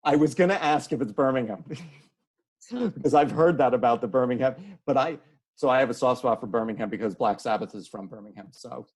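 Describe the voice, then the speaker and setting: Earnest man with halting speech. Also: medium pitch, darkish tone, slightly rough. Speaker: guest. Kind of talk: casual interview conversation.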